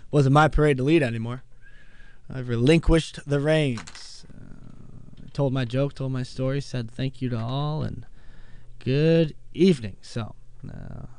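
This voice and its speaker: Rambling man hosting with a gravelly voice. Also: medium pitch, a little mellow, dry recording. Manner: rambling, full of fillers and asides. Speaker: host. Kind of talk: casual rambling monologue.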